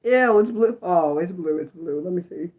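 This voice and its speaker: A young woman hosting an unscripted livestream, chatting to her viewers with animated restarts and repeated exclamations, easily spooked. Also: fairly low pitch, normal speed. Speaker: livestream host. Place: her room.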